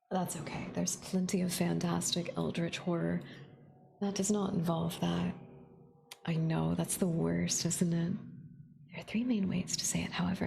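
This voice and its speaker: A young woman streamer chatting casually with her viewers, often dropping into a soft breathy whisper close to the mic. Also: fairly low pitch, a little hiss or hum. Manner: chatty, bubbly, thanks chat, excitable gasps.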